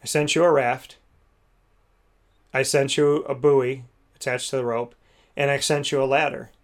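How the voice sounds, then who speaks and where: A man voicing God in a story, speaking softly and patiently as he explains. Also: medium pitch, level tone, unhurried, natural voice. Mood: gentle.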